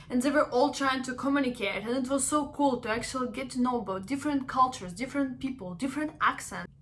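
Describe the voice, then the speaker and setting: Bright-voiced woman vlogger. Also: high voice. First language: not English. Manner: chatty, earnest, acts out quotes of others. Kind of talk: casual advice vlog.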